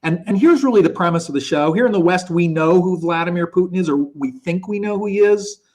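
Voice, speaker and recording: A man from the United States co-hosts a live online show over a video call. His voice sits fairly high, and he talks in a chatty, rambling way, correcting himself as he goes. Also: fast talker, darkish tone. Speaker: co-host.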